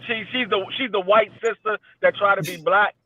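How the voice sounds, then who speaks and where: A man joining a casual panel chat by phone, halting and stammering. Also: sits high, steady tone, a little hiss or hum. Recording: tinny phone line.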